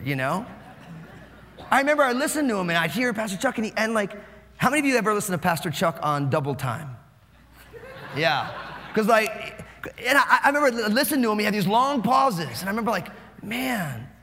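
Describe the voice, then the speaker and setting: Fast-talking New Jersey pastor in a hall. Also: male voice, high-pitched, a little hiss or hum. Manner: animated, fast-talking, joking. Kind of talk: sermon. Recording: long hall reverb.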